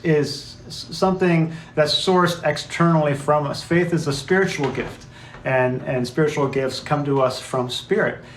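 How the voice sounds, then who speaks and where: A man co-hosting a spiritual talk show, speaking in an earnest, reflective way and coaxing his listeners. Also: a little high. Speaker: co-host. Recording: roomy echo, faint background noise.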